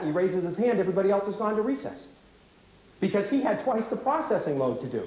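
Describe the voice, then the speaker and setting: A man leads a teaching workshop, firing rapid questions at his audience and then explaining. His voice sits high for a man. The recording carries the ring of a large, echoey hall. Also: expressive, darkish tone. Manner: brisk, rapid-fire questioning. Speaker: workshop leader.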